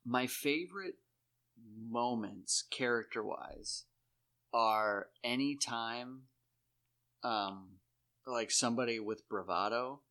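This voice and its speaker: A man talking in rambling, profane casual chat, jumping into high put-on voices to act out scenes. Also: slow pace. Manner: animated, acts out characters in high put-on voices. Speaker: podcast co-host.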